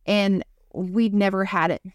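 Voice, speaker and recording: A woman's voice: mid-range voice, fairly even intonation, a little slow, smooth, no room sound, lo-fi sound. A woman hosting a podcast, telling a personal story in a casual, chatty way, full of "like". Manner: chatty, heavy use of "like". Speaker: podcast host.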